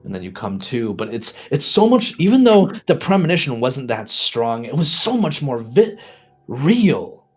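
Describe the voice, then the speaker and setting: A man's voice: mid-range voice, very animated, normal speed, a little mellow, slightly rough, soft background music. Man narrating as game master. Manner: descriptive, self-deprecating, with restarts.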